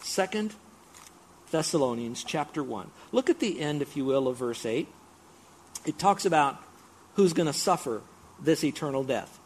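A man's voice: a little high, animated, normal speed, long pauses, a little mellow, slight background noise. A middle-aged man preaching a sermon, explaining scripture with emphatic, repeated build-ups. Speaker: pastor.

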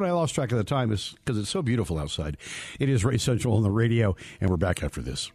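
A man's voice: on the low side, sing-song, fast, darkish tone, husky. A man hosting a motorsports radio show, talking casually with lots of fillers and restarts. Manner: rambling, many fillers and restarts.

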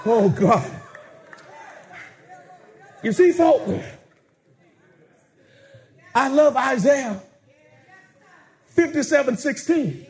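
A man preaching a fervent sermon, chanting hymn lines and shouting to the congregation. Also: very high voice, expressive, very slow, pauses often, a faint crowd.

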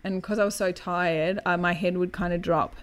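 Swearing, animated woman telling a story. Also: fairly low pitch, moderate pace. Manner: swearing, animated, acts out other people's lines. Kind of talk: casual storytelling chat.

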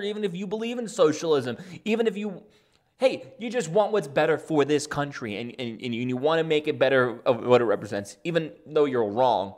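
A man's voice: on the high side, animated, brisk. A man giving opinion commentary in a sarcastic, rambling way, chuckling often. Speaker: political commentator.

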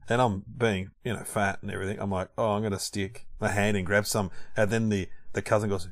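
An Australian man from Melbourne in a casual chat, telling lively anecdotes and laughing often. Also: on the low side, fast, few pauses, no echo, clean studio sound.

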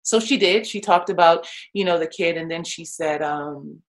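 A woman's voice: moderate pace, rough recording. A woman, a retired pro athlete turned coach, telling a story casually with lots of "like" and "you know" fillers. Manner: animated, acts out others' voices with big pitch jumps.

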